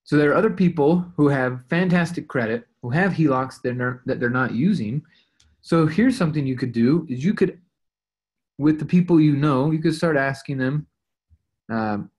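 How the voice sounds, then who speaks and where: A man's voice: fairly high pitch, expressive, normal speed, a little mellow. Man coaching on a team call. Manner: conversational, acts out sample dialogues. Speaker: real estate investing coach.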